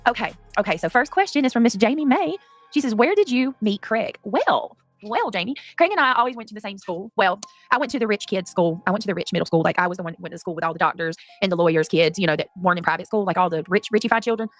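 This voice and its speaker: A woman's voice: mid-range voice, animated, fast, dry recording, faint music behind. A woman in her thirties chatting casually on a livestream, rambling through a personal story, breaking off to react to chat and cussing freely. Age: 30s.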